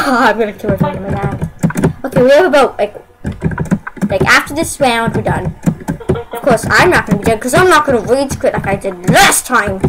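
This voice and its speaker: A woman from Canada commentates her game in a high, bouncy voice that jumps between squeals and mutters. She complains dramatically and laughs at herself. Heavy background noise sits under the whole recording. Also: a little fast. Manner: excitable, yelps and laughs, dramatic self-mockery. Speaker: gaming channel host. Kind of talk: excited gameplay commentary.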